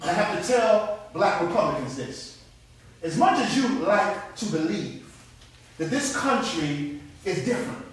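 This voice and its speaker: High-voiced preacher man in an echoey hall. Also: unhurried, a little hiss or hum. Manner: animated storytelling, rising to shouted preaching. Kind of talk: sermon. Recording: echoey hall, mic from a distance, congregation audible.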